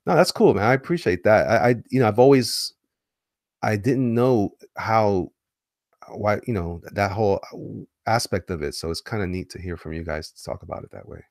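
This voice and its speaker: A man's voice: fairly low pitch, moderate pace, darkish tone, no echo, clean studio sound. A man casually chatting on a live stream and answering chat, rambling and restarting his sentences. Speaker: comic artist streaming and reading chat.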